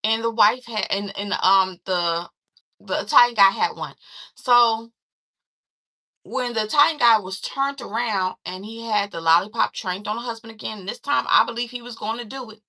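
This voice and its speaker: A woman casually recapping a movie plot, retelling the story in an animated way with lots of fillers and restarts. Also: a little high, moderate pace. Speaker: movie reviewer.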